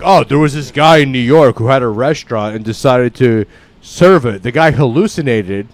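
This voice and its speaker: A man telling a story in casual chat, swearing, restarting his sentences and getting louder as he goes. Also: medium pitch, expressive, normal speed. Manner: loud, profane storytelling with frequent restarts.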